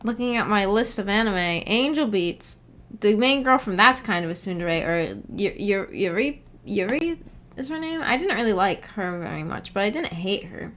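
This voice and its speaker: A woman's voice: mid-range voice, animated, moderate pace, a bit bright. Woman streamer, casual livestream chat, rambling, giggly, self-correcting.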